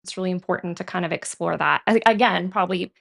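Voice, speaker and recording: A woman's voice: lowish voice, fast talker, vocal fry, fairly bright tone. A woman co-hosting a podcast, talking earnestly and at length in casual conversation, with many "like"s. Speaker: podcast co-host.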